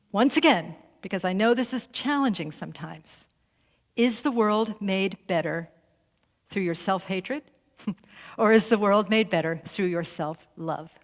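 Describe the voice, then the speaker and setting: A middle-aged woman minister giving a conversational sermon to her congregation, often breaking into laughter. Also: fairly high pitch. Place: church sanctuary. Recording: long hall reverb.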